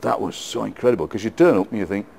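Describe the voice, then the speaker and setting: A man's voice: on the low side, fast, gravelly, slight background noise. Chatty Yorkshire man telling stories. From England. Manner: animated anecdotes, laughs often, repeats words. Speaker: interview guest, poet. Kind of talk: casual storytelling interview.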